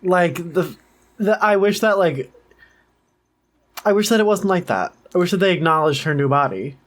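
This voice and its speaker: A man's voice: sits high, lively intonation, moderate pace. A man co-hosting a casual podcast, reacting with loose jokes and filler-heavy phrasing. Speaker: podcast co-host.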